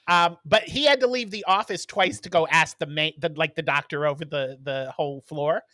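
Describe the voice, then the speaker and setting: A man co-hosting a podcast in casual chat, telling stories in an animated way and acting out what people said. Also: fairly high pitch, moderate pace, no room sound. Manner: animated storyteller who acts out quotes. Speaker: podcast co-host.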